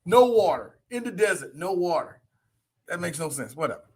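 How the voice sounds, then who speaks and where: A man co-hosting a podcast in casual chat, animated and profane, often laughing as he rants. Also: sits high, moderate pace, breathy edge. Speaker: podcast co-host. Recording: audio podcast.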